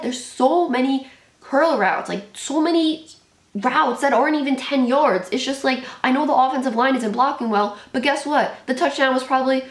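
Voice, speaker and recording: A woman's voice: sits high, echoey room. A young woman hosting a live reaction to a football game, anxious and exclaiming, often repeating herself. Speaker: sports channel host reacting live.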